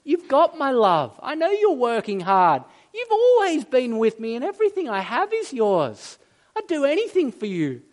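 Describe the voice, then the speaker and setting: A man voicing a loving father who gently reassures and pleads with his grown son. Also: very high voice, wildly swooping pitch, normal speed, pitched above the performer's own voice, full character voice. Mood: tender, reassuring.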